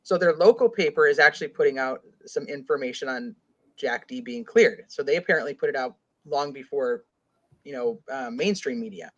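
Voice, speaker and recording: Animated and fairly quick, a woman with a bass voice hosts a casual true-crime discussion, reading comments out loud. Her speech rambles and is heavy with "like," and the audio is dull and lo-fi.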